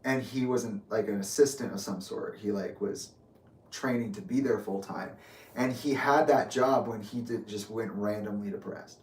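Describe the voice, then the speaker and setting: A man's voice: lowish voice, normal speed, a little mellow, slight background noise. Man telling a rambling personal story. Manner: rambling, filler-heavy, candid. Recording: roomy sound from a distant mic.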